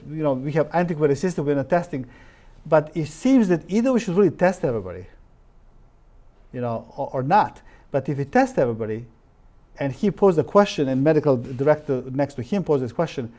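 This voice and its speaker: A man's voice: a little high, darkish tone. Emphatic man lecturing from slides. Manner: reads quotes aloud, stresses words, drops articles. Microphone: live-stream recording.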